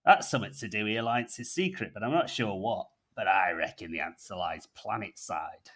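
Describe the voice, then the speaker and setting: A man voicing a gruff male space janitor in an attempted North Yorkshire accent, blustering and conspiratorial. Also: lowish voice, lively intonation, moderate pace, a bit bright. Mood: scheming. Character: gruff surly male jizz mopper in space.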